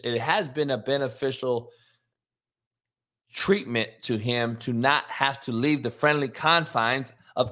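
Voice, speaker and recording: A man's voice: medium pitch, a bit bright. A man hosting a sports talk show, brash and swearing freely as he hypes his next segment and breaks down a quarterback. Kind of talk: profane sports commentary.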